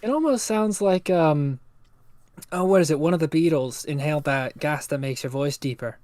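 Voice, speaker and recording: A relaxed young co-host chatting casually on a livestream, easygoing and quick to chuckle. The voice sits at a middle pitch and comes through a close, dry microphone with no room sound. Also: dry recording.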